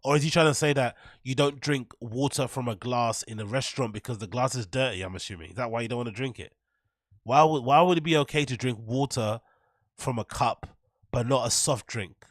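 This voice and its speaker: A man's voice: mid-range voice, a little fast, dry recording, studio quality. A man hosting a commentary show, ranting and mocking clips with heavy profanity and filler words. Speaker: host.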